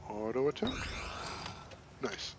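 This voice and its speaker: A man's voice: mid-range voice, big pitch swings, slow. Guy doing let's play commentary, jokey and laughs a lot, normal mid voice, bit of faint hiss. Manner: chatty, jokey, laughs often, playfully pedantic. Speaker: gaming channel host.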